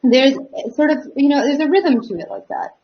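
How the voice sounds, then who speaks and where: A woman's voice: high voice, fairly quick. A woman, a singer and teacher, chatting in an interview with a thoughtful, hesitant manner full of fillers. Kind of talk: casual interview chat. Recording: dull lo-fi audio.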